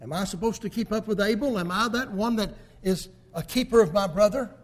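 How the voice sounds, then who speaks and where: Arrogant, defiant Cain, put on by a preacher, scornful and pitched a bit high. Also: male voice, a little mellow, close to an everyday voice. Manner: scornful, rushed rhetorical questions.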